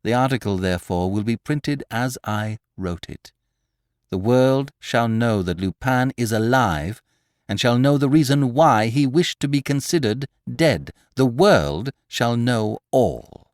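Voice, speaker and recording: A man's voice: medium pitch, lively intonation, unhurried, dry recording, studio quality, pitched above the performer's own voice, natural voice. A man voicing a stubborn, eager young reporter who refuses and speaks out firmly in an audiobook reading. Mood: defiant. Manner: firm, eager, raised refusals. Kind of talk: audiobook character voice.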